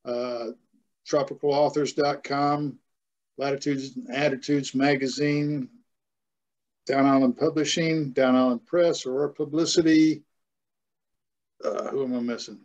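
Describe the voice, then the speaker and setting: A man's voice: medium pitch, fairly even intonation, unhurried, pauses often, darkish tone. A man from Florida who hosts a casual author chat, speaking in an easygoing way. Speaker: host. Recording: dull lo-fi audio.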